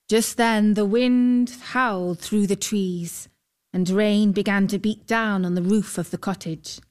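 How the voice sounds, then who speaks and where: A woman narrating a storybook in a calm, measured way. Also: mid-range voice. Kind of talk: storybook reading.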